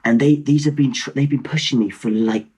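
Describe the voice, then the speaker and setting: A British man in his twenties, a podcast guest on a video call, tells a travel story in a casual, animated, rambling way, poking fun at himself and restarting sentences. He talks briskly at medium pitch against a noisy background.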